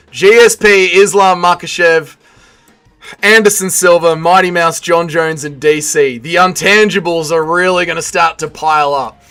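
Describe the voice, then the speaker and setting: A man's voice: fairly high pitch, bright, forceful tone. A young man hosting a casual livestream, reading chat aloud, swearing often and swinging between heated rants and mumbled apologies.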